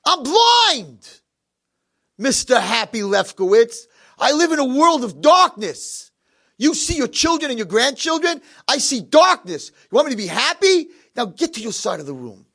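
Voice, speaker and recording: A man doing a shrill cranky blind old man. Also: wildly swooping pitch, fast, few pauses, breathy edge, heavily acted. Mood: angry shouting. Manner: shouting, high strained voice.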